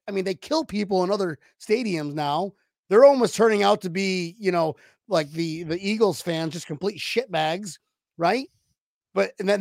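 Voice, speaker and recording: A man's voice: high voice, vocal fry, dry recording, studio quality. A man co-hosting a sports podcast, ranting in a profane, casual way. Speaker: podcast co-host.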